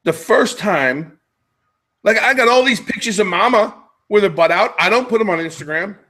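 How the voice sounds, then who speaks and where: A middle-aged man hosts a podcast in loose, casual chat. He rambles and cracks jokes, hopping from tangent to tangent. His voice sits a little high for a man. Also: animated, normal speed, pushed and bright. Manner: rambling, jokey, jumps between tangents. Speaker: podcast host.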